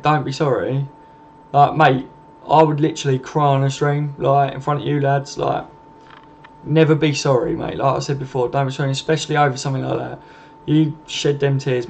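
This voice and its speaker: A man's voice: medium pitch, fairly even intonation, moderate pace, vocal fry. A man hosting a casual live stream, chatty and matey, swearing freely and calling his viewers mate. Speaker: live stream host reading viewer comments. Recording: slightly muffled with faint background noise.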